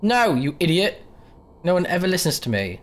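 A man's voice: high-pitched, sing-song, normal speed, voice pushed up. A man voicing an erratic, obsessive male drifter in a horror game, pleading one moment and snapping the next. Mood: unhinged. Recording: mains hum behind.

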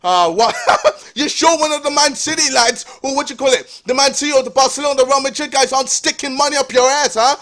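A young man with a strikingly high voice rants through gaming commentary. He sounds exasperated, hammering the same lines over and over with casual slang. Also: brisk, fairly bright tone. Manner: exasperated, repetitive ranting with slang. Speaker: gaming YouTuber.

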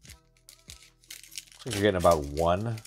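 Man, deep voice, casual pack-opening commentary, wry and chatty, faint music behind. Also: takes it slowly. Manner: chatty, wry running commentary, talks to himself. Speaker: card-breaking channel host.

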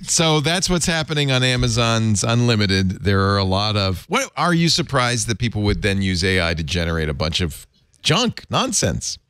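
Guy hosting a tech chat show, lively voice that swings around, dry close sound. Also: on the low side, moderate pace, smooth, dry recording. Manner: animated, jokey, reads headlines aloud. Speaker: host. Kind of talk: casual panel chat, reading news aloud.

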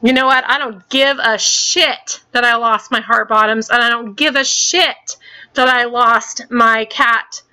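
This is a woman ranting on her own vlog, angry and swearing as she keeps repeating herself. Her voice sits a bit high and comes across bright and forceful. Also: fairly even intonation, unhurried, clean tone. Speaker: gaming channel host.

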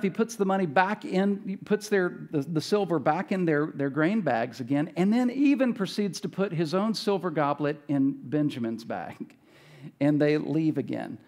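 A male pastor preaching a casual, conversational sermon, retelling scripture with folksy asides and quick self-corrections. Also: on the high side, a little mellow. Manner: retells scripture casually, acts out characters' lines.

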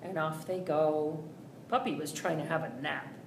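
A woman's voice: sits low, normal speed, vocal fry, far from the mic. A woman leading a children's story time with songs and finger rhymes, coaxing young listeners to sing along. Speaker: children's librarian. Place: library room. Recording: roomy echo, faint noise.

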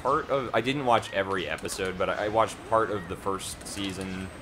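A man's voice: deep voice, moderate pace, background noise. A young man casually bantering and joking while playing a video game with a friend, laughing often. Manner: jokey, laughs often, teasing. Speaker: let's play co-host. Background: video game music.

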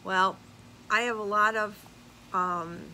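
An older woman vlogger chatting casually as she reads viewer comments aloud, animated and laughing often. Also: medium pitch, slow, a little hiss or hum, low-quality recording. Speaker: YouTube vlogger. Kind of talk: casual chat reading comments.

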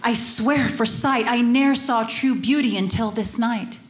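A woman putting on a slow, lovestruck Shakespearean young man in mock-Elizabethan verse. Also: a little high, a little hiss or hum, natural voice. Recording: echoey hall, audience laughter.

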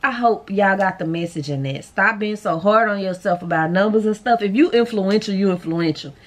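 A woman's voice: mid-range voice, moderate pace. Chatty woman vlogging from home. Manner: animated, talks straight to viewers. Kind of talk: casual chat to camera. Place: at home, indoors.

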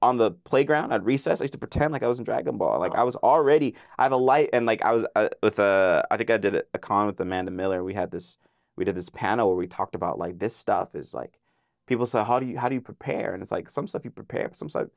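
Excitable young man, low voice, dry mic. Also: fast, creaky, dry recording. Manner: excitable, heavy use of filler "like", acts out quoted voices. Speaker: voice actor guest. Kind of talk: casual interview storytelling.

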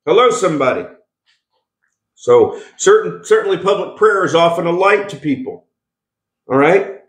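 A man's voice: sits high, expressive, normal speed. A male pastor preaching a sermon, emphatic, with call-and-response asides and frequent restarts. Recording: echoey room.

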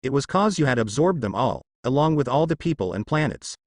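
A goddess of death who sounds bored and speaks without emotion, read by a man. Her words are flat and deadpan. The recording is dry and close. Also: mid-range voice, a little fast, no room sound, close to an everyday voice.

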